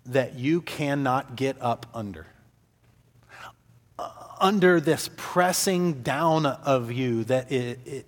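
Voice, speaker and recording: A man preaching a sermon, stressing key words by repeating them and slowing down on them. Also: mid-range voice, long reverb tail.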